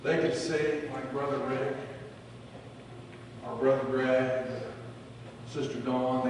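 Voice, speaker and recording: A man preaching a sermon as pastor, telling a story that swings from loud to hushed. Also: mid-range voice, steady tone, slow, long pauses, noisy background. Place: church sanctuary. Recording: echoey church hall, from far off.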